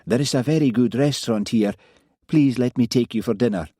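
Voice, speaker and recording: A man doing a mild Highland village constable. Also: brisk, warm tone, husky, no room sound, clean studio sound, lightly acted. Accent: Scottish Highland.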